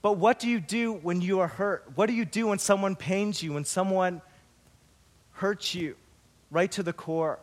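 Higher-pitched guy preaching in church, tells a story then slows down and gets earnest. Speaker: pastor. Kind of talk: sermon.

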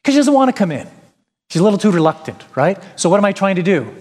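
A man's voice: high voice, sing-song, quick pace, darkish tone. A male pastor preaching a sermon, emphatic, with rhetorical questions and repetition. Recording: long hall reverb.

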